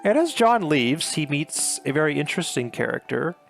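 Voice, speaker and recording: Gravelly-voiced male book reviewer, chatty and loose, with soft guitar bed. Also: on the high side, very animated, moderate pace. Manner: chatty, filler-heavy retelling with paraphrased quotes. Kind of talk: casual book recap.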